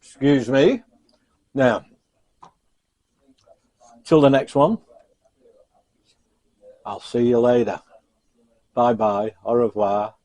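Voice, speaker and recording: A man's voice: medium pitch, extremely slow, long pauses, dark tone, no room sound. A man chatting casually in a home cooking vlog, self-mocking and chuckling as he tries his food. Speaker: cooking vlogger.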